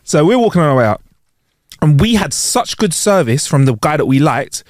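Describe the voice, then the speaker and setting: A man's voice: fairly high pitch, moderate pace, no room sound, clean studio sound. A man co-hosting a podcast in casual chat, acting out dialogue as he tells stories and laughing often. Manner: animated storytelling, acts out dialogue, laughs often. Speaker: podcast co-host.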